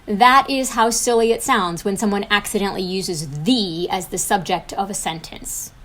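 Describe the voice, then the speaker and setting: A woman's voice: mid-range voice, moderate pace, fairly bright tone. An encouraging woman hosts a lesson with an upbeat, teacherly lilt. Her voice sits in a comfortable middle register as she walks the listener through each rule. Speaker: co-host and instructor. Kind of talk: scripted instructional video.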